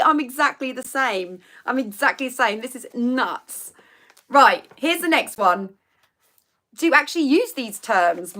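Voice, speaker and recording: A woman in her thirties hosts a relaxed live quiz, chatting with viewers and reading out their comments. Her voice sits a little high and swings lively up and down. She laughs easily between answers. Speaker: livestream host. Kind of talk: casual live chat quiz.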